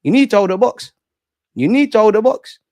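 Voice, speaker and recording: Young london guy on a live stream, slangy and animated, bit high voice, dry close mic. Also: fairly quick, no room sound. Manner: animated, slangy, reads out viewer comments. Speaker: livestream host. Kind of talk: casual live chat.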